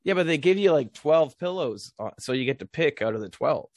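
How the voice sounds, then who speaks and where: A man's voice: on the high side, lively intonation, brisk, dry recording. Amused, teasing man in dry audio. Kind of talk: casual chat.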